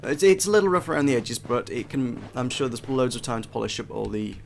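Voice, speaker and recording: A man's voice: mid-range voice, quick pace, gravelly. A young man giving casual, chatty first impressions of a game, self-deprecating and often restarting his sentences. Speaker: game reviewer. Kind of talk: casual gameplay commentary.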